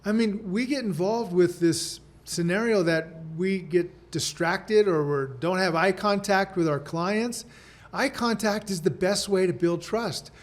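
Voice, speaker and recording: A man's voice: sits high, a little slow. A man on a podcast, a guest coach, speaking earnestly and repeating his key points as he acts out sample client talk. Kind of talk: podcast conversation.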